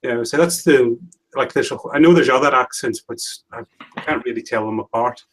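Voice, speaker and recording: A man hosting a relaxed livestream chat. He rambles and restarts his sentences often, thinking out loud as he goes. His voice sits at an ordinary middle pitch. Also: fairly quick. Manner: rambling, hesitant, many restarts. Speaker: livestream host. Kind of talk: casual chat. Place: home livestream setup.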